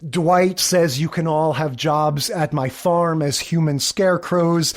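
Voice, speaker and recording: A man's voice: on the high side, slow. Chatty male podcast co-host recapping. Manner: chatty recapping, retells scenes with quoted lines. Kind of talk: casual chat.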